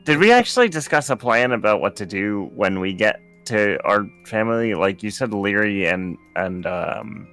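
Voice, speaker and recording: Guy with a bright sharp tone, kinda halting, keeps restarting his sentences. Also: fairly low pitch, lively intonation, clean tone, soft background music. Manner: hesitant, restarting, asking about plans. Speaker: player. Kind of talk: casual chat.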